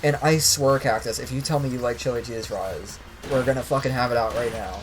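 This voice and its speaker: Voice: medium pitch, a little fast, music in the background, low-quality recording. A young adult streamer giving casual, dramatic rants while playing a game, swearing often and sounding exasperated. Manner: profane, exasperated, dramatic ranting. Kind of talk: casual ranting commentary while gaming.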